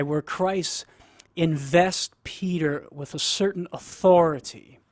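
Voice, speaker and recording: A man's voice: a little high, no echo. Cajun man on dry studio mic. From southern Louisiana. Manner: laughs often, folksy and earnest. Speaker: guest apologist. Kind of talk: casual radio chat and Bible explanation.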